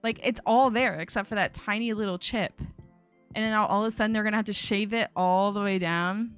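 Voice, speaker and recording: A young woman chats casually with her viewers during a live stream, rambling with lots of fillers and restarts. Her voice sits at an ordinary middle pitch. Faint music plays softly in the background. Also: brisk, clear, resonant tone.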